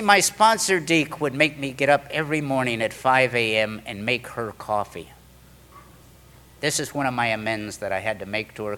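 Speaking to a meeting, a middle-aged man in recovery shares a story and performs the quoted voices of its characters with animation. His voice sits in the mid range, over a faint hiss or hum.

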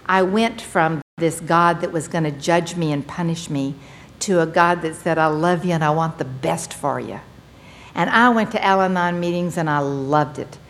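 A middle-aged woman, sharing her personal recovery story in an earnest, animated testimony to a meeting, with folksy phrasing. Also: deep voice, normal speed, slight background noise.

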